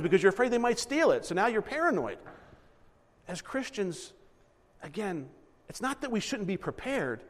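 A man's voice: sits high, in a large hall. A man preaching a sermon in a conversational style, acting out little asides and correcting himself mid-sentence. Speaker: pastor.

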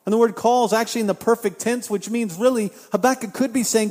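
A man preaching a sermon, swinging from loud, impassioned outbursts to quiet appeals and repeating phrases for emphasis. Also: high-pitched, a little fast, few pauses. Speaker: pastor. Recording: long hall reverb.

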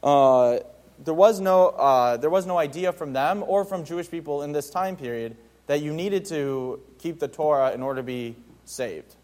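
A man with a slightly raised pitch leads a Bible study in a loose, conversational way. He leans hard on his key points and often stumbles into restarts and little fillers as he talks. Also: moderate pace, hardly any pauses, a little mellow. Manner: informal, many fillers and restarts. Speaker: Bible teacher.

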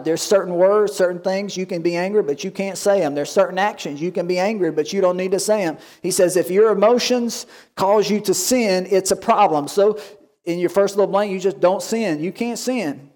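A man pastor giving a lively sermon, acting out quoted voices and asking the congregation questions. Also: high-pitched, moderate pace. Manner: animated preaching, acts out quoted voices.

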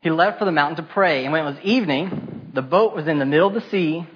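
A man with a husky, slightly raised voice preaching a sermon. He retells the story in lively, casual terms and acts out the complaining voices. The recording sounds dull and muffled. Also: on the high side, fast. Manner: animated storytelling, acting out the disciples' complaints; casual modern asides and repetition.

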